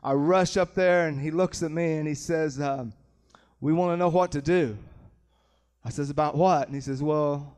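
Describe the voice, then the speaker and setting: A man's voice: fairly high pitch, steady tone, normal speed, a little mellow. A man giving a personal Christian testimony, telling the story in an earnest, plain-spoken way, acting out quotes vividly and repeating words when moved. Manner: vivid, dramatic retelling with acted quotes.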